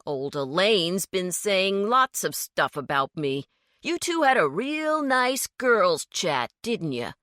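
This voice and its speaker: A woman voicing a brash, greedy man who mocks and shouts when crossed. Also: on the low side, big pitch swings, slow pace, no echo, clean studio sound, exaggerated voice. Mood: mocking. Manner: loud, sneering outbursts. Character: brash, greedy man, mocking and quick to anger.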